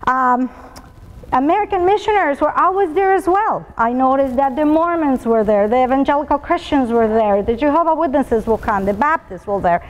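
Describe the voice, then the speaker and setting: A woman's voice: sits high, lively intonation, normal speed, in a large hall, low-quality recording. A woman in her fifties from Colombia and Venezuela, with a Venezuelan Spanish accent, giving a prepared talk with frequent ums while telling stories. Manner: frequent ums and uhs, storytelling. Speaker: speaker at a school talk event.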